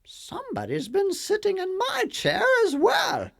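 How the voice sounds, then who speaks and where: A man's voice: very high-pitched, huge pitch swings, a little slow, vocal fry, a bit bright, no echo, studio quality, pitched above the performer's own voice, heavily acted. A man voicing a prim mother bear in a storybook tale with a raised, fluty voice. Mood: indignant.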